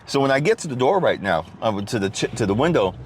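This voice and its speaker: A middle-aged podcast host rants casually from his car at a drive-through, talking fast in a mid-range voice over slight background noise. He's animated and rambling, swears heavily, and keeps restarting his sentences.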